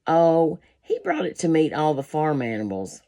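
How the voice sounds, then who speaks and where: Lady reading a kids book out loud, low mellow voice, chatty asides to the listeners. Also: normal speed. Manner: animated, folksy asides to listeners. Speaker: storybook reader.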